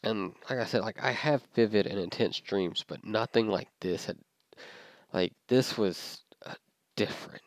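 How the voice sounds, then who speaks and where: A man's voice: fairly low pitch, measured pace, no echo. A young man telling a personal story in a casual, rambling way, with many fillers and restarts.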